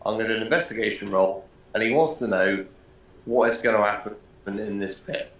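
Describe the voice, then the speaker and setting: A man playing a tabletop game, eager and thinking out loud, often repeating himself as he plans. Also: lowish voice, brisk, echoey room, low-quality recording. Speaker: player.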